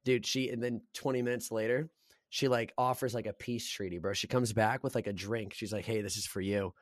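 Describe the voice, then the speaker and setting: A man's voice: on the low side, fairly quick, no room sound, clean studio sound. A young man co-hosting a podcast in casual chat, telling stories bluntly and with lots of swearing. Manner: blunt, profane, animated storyteller. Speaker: podcast co-host.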